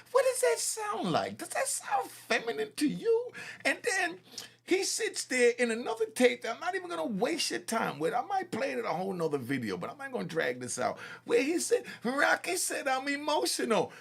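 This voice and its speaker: A man's voice: very high voice, huge pitch swings, normal speed, gravelly, a bit bright, breathy edge. A man hosting a commentary channel, mocking courtroom footage in slangy, scornful street talk. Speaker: host reacting to courtroom footage.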